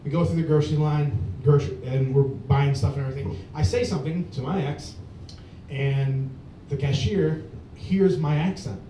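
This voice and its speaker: A man's voice: steady tone, normal speed, mellow. Rambling stand-up man in an echoey bar. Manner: rambling storytelling with many fillers. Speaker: stand-up comedian. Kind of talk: open mic stand-up. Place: small bar at open mic. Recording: echoey bar from far off with faint rumble.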